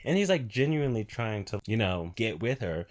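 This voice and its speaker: A man with a fairly low voice talks through a movie plot in a loose, chatty way. He rambles, repeats himself and fills gaps with fillers as he recaps the story for his viewers. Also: sing-song, moderate pace. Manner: rambling, chatty, full of fillers and quoted dialogue. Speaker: reviewer. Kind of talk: casual movie recap voice-over. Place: home, over a speedpaint video.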